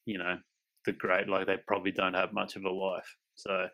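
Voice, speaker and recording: A young man with an Australian accent talks in a loose, jokey podcast chat. His voice sits fairly low yet sounds bright and forward. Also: monotone, normal speed, low-quality recording. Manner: laid-back, says "mate" often, jokey. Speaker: podcast co-host. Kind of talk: casual chat.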